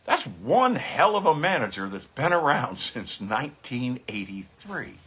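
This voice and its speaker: A man's voice: medium pitch, big pitch swings, a little slow, fairly bright tone, slightly rough. A man hosting a live commentary show, talking casually and sarcastically, with plenty of swearing. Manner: sarcastic, profane, scoffing.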